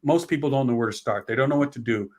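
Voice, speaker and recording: A man's voice: mid-range voice, fast talker, darkish tone. A man, a guest author in a conversational interview, who rambles, restarts often and acts out complaining heirs. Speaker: author and guest on estate planning.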